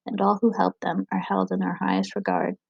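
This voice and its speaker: A woman's voice: mid-range voice, big pitch swings, brisk, creaky, slightly rough, no room sound, highs cut off, full character voice. A woman reading aloud, voicing a frail, fevered young queen who has visions, in a fervent, breathless way.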